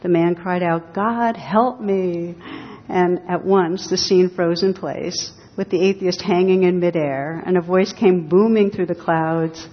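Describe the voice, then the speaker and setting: A woman giving a dharma talk as a meditation teacher, speaking slowly and reflectively with touches of gentle humor. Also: steady tone. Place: hall with a live audience. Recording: reverberant hall, dull sound, faint rumble.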